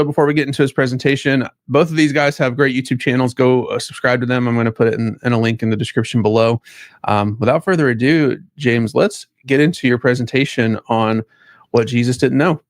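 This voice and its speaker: A man hosting a discussion over a video call, introducing his guest in a relaxed, conversational way. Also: mid-range voice, no room sound, clean studio sound. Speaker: host. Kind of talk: casual interview chat.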